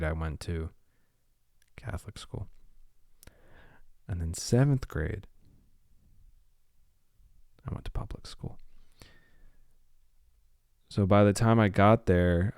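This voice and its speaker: A man with a low voice and a slight lisp hosts his solo podcast in a casual, rambling way. He wanders off topic, then steers back. The sound is close and dry. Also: darkish tone, no echo. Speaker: podcast host.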